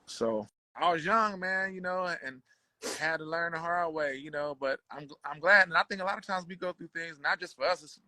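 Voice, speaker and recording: A man guest on a conversation show, telling a story in relaxed slang and acting out what others said. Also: on the high side, moderate pace, no echo, low-quality recording. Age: adult with children. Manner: slangy, relaxed street talk; acts out quoted dialogue. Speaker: podcast guest, bassist.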